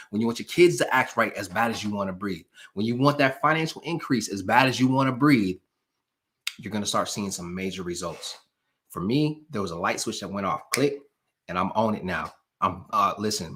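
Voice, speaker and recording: His voice is low and a bit bright. On his live stream, the host gives viewers a motivational pep talk marked by preacher-style repetition, speaking to them directly in a relaxed, casual manner.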